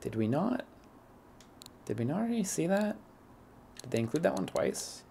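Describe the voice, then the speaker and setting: A man's voice: on the high side, very animated, moderate pace, vocal fry, warm tone, slight background noise. A man streaming a game, musing and questioning himself in casual commentary.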